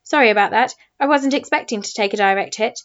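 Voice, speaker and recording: A woman's voice: fairly high pitch, fast talker, fairly bright tone, close to an everyday voice. A flustered, kindly scientist father from a storybook, as a woman reader puts him on, fussing and apologising. His lines come out a touch raised, and the recording is slightly muffled. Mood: sheepish.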